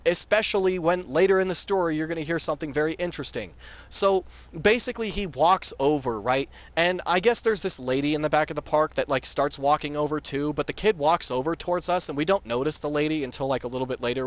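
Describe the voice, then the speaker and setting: A man's voice: high voice, dry recording. A man telling a story in a casual, rambling way, full of filler words and casual swearing.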